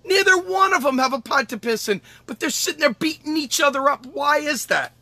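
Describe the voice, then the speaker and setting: A man's voice: very high-pitched, sharp tone, dry recording. A man delivering an angry, emphatic political monologue as host, swearing and repeating lines for effect. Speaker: podcast host.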